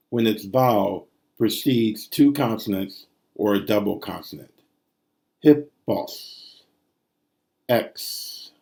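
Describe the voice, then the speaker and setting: Guy teaching greek meter, slow and low-ish, says the da da beats out loud. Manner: methodical, sounds out syllables and rhythms aloud. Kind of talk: recorded language lesson.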